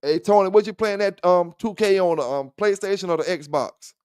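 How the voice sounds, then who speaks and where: A man with a high-sitting, slightly mellow, clean-toned voice hosts a casual livestream dog talk show at normal speed. Recorded at studio quality with no room sound, he banters loosely with viewers, swearing in trash talk and laughing a lot.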